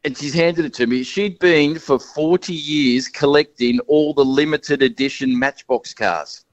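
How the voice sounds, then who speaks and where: A man in his fifties with an Australian accent, calling in and telling chatty, animated stories. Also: a little high, a little slow, highs cut off. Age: 50s. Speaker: caller. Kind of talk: casual radio chat, storytelling.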